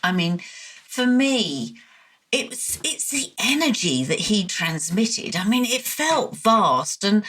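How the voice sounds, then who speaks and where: A woman co-hosting a podcast, talking in a casual, enthusiastic and expressive way. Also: medium pitch, slow, breathy edge. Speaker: podcast co-host.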